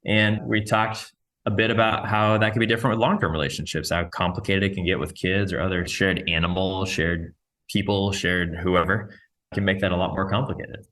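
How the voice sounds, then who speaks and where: Joking low-voiced male podcast host. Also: little pitch movement, fairly quick, fairly bright tone. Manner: joking, self-deprecating. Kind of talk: casual podcast chat.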